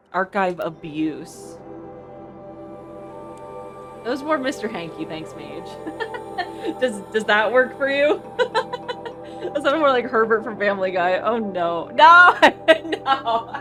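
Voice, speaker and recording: A woman streamer in casual, giggly chat with her viewers. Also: mid-range voice.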